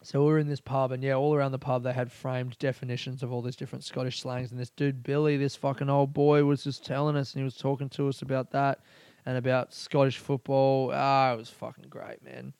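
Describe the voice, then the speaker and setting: Rambling, profane man, smooth dry voice. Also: medium pitch, level tone, fairly quick, darkish tone, no room sound. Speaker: podcast host. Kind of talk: casual solo podcast monologue.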